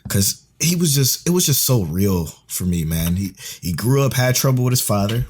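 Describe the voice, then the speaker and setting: A man's voice: fairly low pitch, very animated, normal speed, a little mellow, a little hiss or hum. A man co-hosting a podcast, talking in an emphatic, rambling, profane casual chat. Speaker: podcast co-host.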